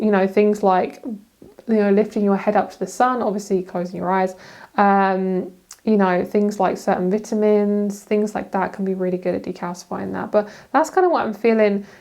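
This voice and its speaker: A woman's voice: medium pitch, a little mellow. A young woman doing a casual tarot card reading, chatty and loose, swearing freely and laughing at her own words. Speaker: tarot reader.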